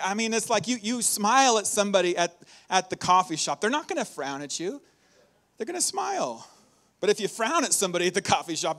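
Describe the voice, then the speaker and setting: A man in his thirties preaching a sermon in a church. He is upbeat and animated and laughs often between his points. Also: high voice. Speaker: pastor. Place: church hall.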